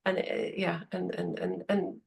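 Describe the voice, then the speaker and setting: Lively woman telling workplace stories. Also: fairly low pitch, measured pace. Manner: lively storyteller, acts out quotes, frequent laughs. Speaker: podcast guest expert on management. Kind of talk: conversational advice with anecdotes.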